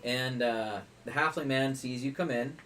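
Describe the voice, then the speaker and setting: A man's voice: medium pitch, normal speed, a bit bright, slight background noise. Man narrating as game master. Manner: loose, filler-heavy narration.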